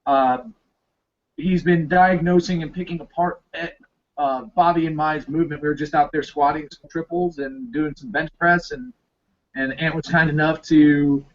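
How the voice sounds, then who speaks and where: A man co-hosting a podcast, explaining in a relaxed way with frequent fillers. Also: on the high side. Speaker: podcast co-host. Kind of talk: casual podcast chat. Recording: dull lo-fi sound.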